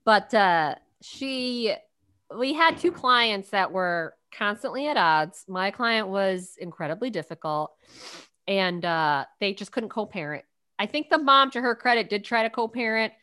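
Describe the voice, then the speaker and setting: A woman's voice: mid-range voice, expressive, measured pace, bright, forceful tone, smooth, dry recording. A woman co-hosting a podcast over a video call, telling stories in a chatty way with plenty of ums. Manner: chatty storyteller, lots of ums and uhs. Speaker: podcast co-host.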